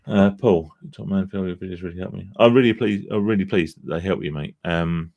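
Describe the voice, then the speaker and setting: A man with a very low, gravelly voice chats on a live stream. He sounds tired and talks loosely and frankly, with casual swearing. The sound is close and dry. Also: a little fast, darkish tone, dry recording, lo-fi sound. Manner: chatty, self-deprecating, swears casually. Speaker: live-stream host on gambling recovery. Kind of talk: casual live-stream chat reading viewer comments.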